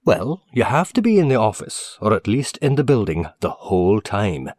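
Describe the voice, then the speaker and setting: A man's voice: on the low side, big pitch swings, normal speed, darkish tone, dry recording, clean studio sound. A man voicing a fussy, eager middle-aged male manager who speaks earnestly and formally.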